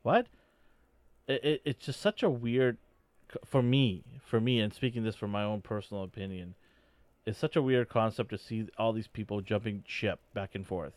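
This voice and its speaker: A man's voice: on the low side, moderate pace, a little mellow, no echo. A man in a casual fan discussion, opinionated and rambling as he builds his points.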